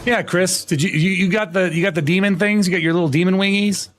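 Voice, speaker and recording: A man's voice: high voice, steady tone, fast talker, slight background noise. A young adult man streaming a game live, chatting casually and playfully protesting his innocence with frequent laughter. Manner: playful, mock-indignant protesting, laughing often.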